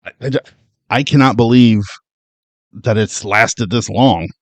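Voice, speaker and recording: A man co-hosting a podcast, chatting about a film in a relaxed way, laughing and trailing off mid-sentence. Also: medium pitch, a little slow, no room sound. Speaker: podcast co-host. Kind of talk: casual movie chat.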